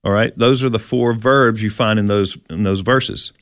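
A man co-hosts a casual Bible teaching chat, explaining verses with many fillers and restarts. His lowish, fairly bright voice keeps a fairly even intonation at a moderate pace, captured dry in a clean studio.

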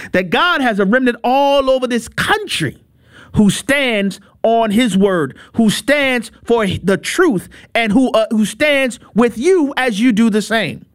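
A man preaching on a radio appeal, emphatic and animated, often repeating words in quick bursts and making playful asides. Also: high voice, no echo, clean studio sound.

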